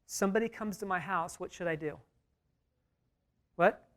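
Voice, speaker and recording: A man's voice: high-pitched, normal speed, a bit bright. A man leading an interactive Bible study, emphatic, repeating key words and putting questions to the group.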